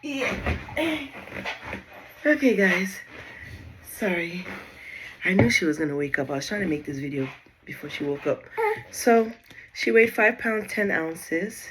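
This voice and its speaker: A woman's voice: medium pitch, lively intonation, measured pace, long pauses, background noise. A young mother telling her birth story at home in a chatty, rambling way, full of fillers. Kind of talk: casual storytelling vlog.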